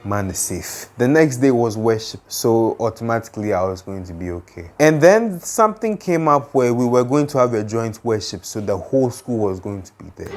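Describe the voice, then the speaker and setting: A young man casually telling a childhood story, lively and dramatic, with lots of fillers. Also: medium pitch, normal speed, soft background music.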